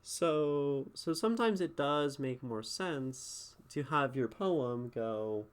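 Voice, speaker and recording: A man's voice: medium pitch, animated, drawn-out words. A man streaming, giving a casual spoken critique of a poem and thinking aloud with fillers and tag questions. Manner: conversational, thinks aloud with many fillers and "right?" tags.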